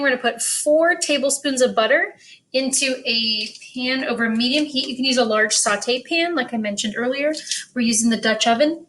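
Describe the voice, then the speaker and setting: A high-voiced woman leads a relaxed cooking lesson from a kitchen. She talks in a chatty, easygoing way and laughs readily as she explains each step. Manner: chatty, laughs easily, plays along with banter. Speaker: school choir director teaching cooking. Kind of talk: casual cooking demonstration.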